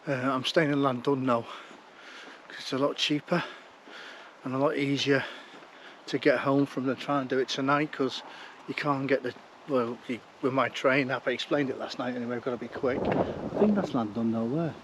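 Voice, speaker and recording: Out on a walking route, a tired hiking vlogger rambles bluntly to the action camera he is carrying. He speaks at normal speed in a mid-range voice with fairly even intonation, and the recording has a little hiss or hum.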